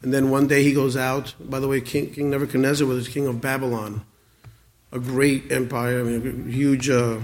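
A man in his forties preaching a sermon, earnest, with many stammered restarts and swings between loud emphasis and quiet asides. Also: mid-range voice, level tone, normal speed. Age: 40s. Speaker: pastor.

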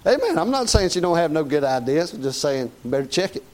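A man's voice: fairly high pitch, big pitch swings, fast, a little mellow. A man preaching a sermon in a folksy, conversational way, often asking "Amen?".

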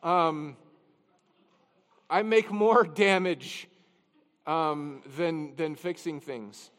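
A man's voice: fairly high pitch, drawn-out words, fairly bright tone, big-room sound. A man pastor preaching a conversational expository sermon, with chatty, self-deprecating asides. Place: church sanctuary.

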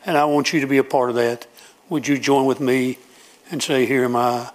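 A man's voice: medium pitch, fairly even intonation, moderate pace. A man preaching a sermon, emphatic and repetitive as he pleads with his congregation.

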